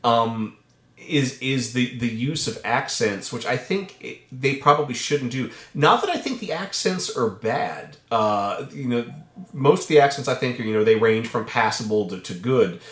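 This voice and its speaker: A man's voice: mid-range voice, animated, moderate pace. A man with a middling voice co-hosts a movie podcast, chatting casually. He jokes, stumbles into sentences and reaches for odd metaphors. The room around him is echoey. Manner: playful, jokey, fond of odd metaphors. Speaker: podcast co-host. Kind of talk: casual movie review chat. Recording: roomy echoey mic.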